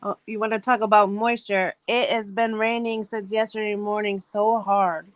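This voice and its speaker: A woman co-hosting a live stream in lively, casual chat. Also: medium pitch, normal speed. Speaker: co-host and transcript reader.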